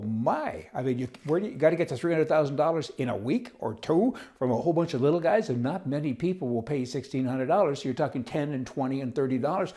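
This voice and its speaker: A man from Canada hosting casual political commentary, telling jokes and laughing at them. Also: mid-range voice. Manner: jokey, laughs at his own jokes, animated.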